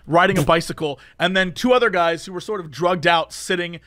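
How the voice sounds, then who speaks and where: High bright guy on a podcast, animated storytelling, dry close mic. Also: fairly quick, no echo. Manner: animated storyteller who swings between loud bursts and mumbled asides. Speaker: podcast co-host. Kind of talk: casual chat, storytelling.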